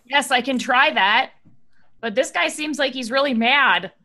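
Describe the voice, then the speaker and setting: A woman's voice: sits high, measured pace, sharp tone. A woman playing a tabletop game, chatty and full of "like". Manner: chatty, lots of "like". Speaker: player. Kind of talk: casual tabletop-game play.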